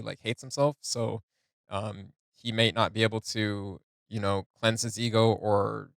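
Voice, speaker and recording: A man with a lowish voice talks through a song in a casual reaction video, pausing often and circling back with "um" and "you know" as he thinks aloud. The sound is close and dry, with no room around it. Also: fairly bright tone, no echo. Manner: hesitant, many fillers and restarts. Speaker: music reaction host.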